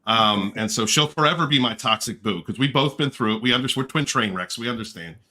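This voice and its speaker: A man hosting a casual livestream, warmly shouting out chat viewers by name and joking playfully with them. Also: medium pitch, a little fast. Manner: effusive, affectionate shout-outs to chat viewers. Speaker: livestream host.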